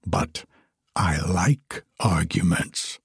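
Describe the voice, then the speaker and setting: A man's voice: sits low, drawn-out words, husky, no echo, studio quality, voice pushed down, exaggerated voice. Give me a man reading as a pompous, self-pitying firework rocket. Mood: haughty. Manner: self-important, complaining. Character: pompous, vain, touchy firework rocket, male.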